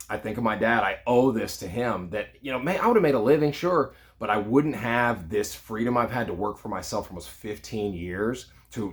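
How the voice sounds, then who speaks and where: Man, 30s, real estate agent telling a personal story; quick, chatty delivery, slightly low voice. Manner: chatty, frequent "you know" and "like".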